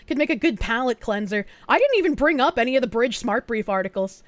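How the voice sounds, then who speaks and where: A woman streamer in casual chat, reading out viewer messages and thanking donors, swearing often and getting excited. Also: a little high, fast, dry recording.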